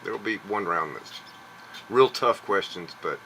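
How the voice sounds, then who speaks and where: A man's voice: fairly low pitch, animated, unhurried, vocal fry, pushed and bright, slight background noise, poor audio. A man with a Southern US accent chatting on a video call, folksy and chuckling as he talks about his trivia show. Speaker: guest, trivia show host. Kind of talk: casual chat on a video call.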